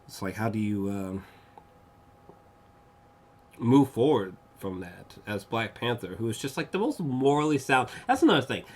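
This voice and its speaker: A man of middle pitch talking through a film review in a loose, rambling way. He swears freely, leans on fillers and restarts, and breaks into excited gushing at times. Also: normal speed, pauses often, slight background noise. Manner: rambling and profane, heavy with fillers; excitable, gushing bursts of enthusiasm. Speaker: movie reviewer. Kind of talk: casual spoken film review.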